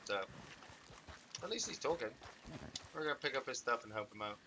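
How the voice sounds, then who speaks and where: A man streaming a game who chats away, jokes and swears as he reacts to what happens on screen. His voice sits at a middling pitch. Clear game noise runs behind him, with hoofbeats and clicks. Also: animated, normal speed. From England. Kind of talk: casual live gameplay commentary.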